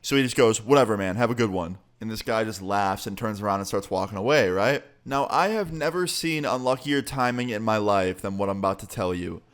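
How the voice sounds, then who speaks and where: A man's voice: fairly low pitch, brisk, few pauses, fairly bright tone, clean tone. A man telling a story casually as a vlogger, swearing freely in a laid-back way.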